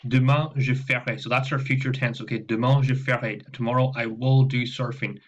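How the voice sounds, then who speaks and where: A man teaching French in a steady, mid-range voice. He explains patiently, repeats himself and keeps checking in with his students. The recording comes through a laptop mic with a slightly muffled, lo-fi sound. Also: medium pitch, a little fast. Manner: explains patiently with frequent "okay" and repetitions. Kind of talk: recorded classroom lesson walkthrough. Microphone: laptop microphone.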